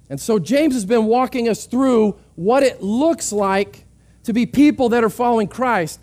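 A man's voice: extremely high pitch, a little slow, darkish tone. A male pastor preaching a sermon earnestly, often repeating words as he restarts.

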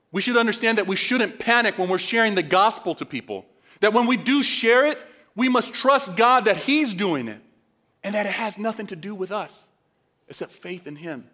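Preaching with a high, pushed, bright voice, a Dominican man keeps his sermon relaxed and conversational. He often turns to the congregation with questions.

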